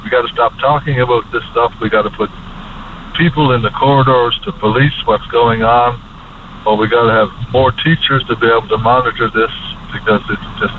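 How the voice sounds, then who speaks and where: Man, radio caller, emotional and stumbling, phone-line sound. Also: mid-range voice. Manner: choked up, halting and repetitive. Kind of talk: emotional call-in talk. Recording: tinny phone line with faint hiss.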